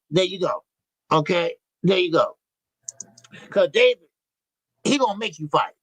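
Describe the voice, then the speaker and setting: A man's voice: high-pitched, fairly bright tone, no room sound, rough recording. A man hosting a live boxing talk stream, reading chat messages and talking in a loose, slangy, repetitive way. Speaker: boxing show host.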